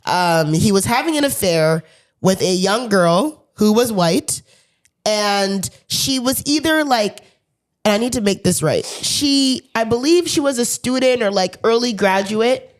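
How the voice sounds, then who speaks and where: A woman's voice: medium pitch, lively intonation, measured pace. A woman co-hosting a podcast, telling a story in casual chat with lots of hedges and "like"s. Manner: hedging, rambling storyteller. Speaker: podcast co-host.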